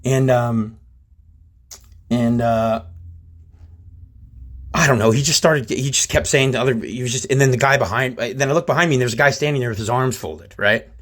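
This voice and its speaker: A man's voice: medium pitch, normal speed, pauses often, a bit bright. A man telling a workplace story in a rambling, profane and indignant way, talking straight to his listeners. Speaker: channel host recounting a workplace incident. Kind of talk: casual storytelling to camera.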